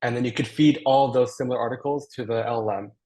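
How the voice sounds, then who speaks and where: A man with a slightly husky, breathy voice answers audience questions on a video call. He thinks aloud as he goes, hedging and restarting with plenty of fillers. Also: medium pitch, steady tone, quick pace, a little mellow, poor audio. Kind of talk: online Q&A after a technical talk.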